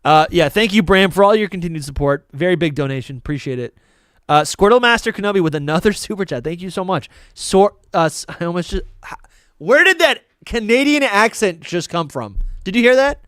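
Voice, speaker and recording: A man co-hosting a live podcast, excitable and laughing often as he reads out donations. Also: high voice, fairly quick, smooth, dry recording, clean studio sound. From New England. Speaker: podcast co-host reading donations. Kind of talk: casual live-stream chat.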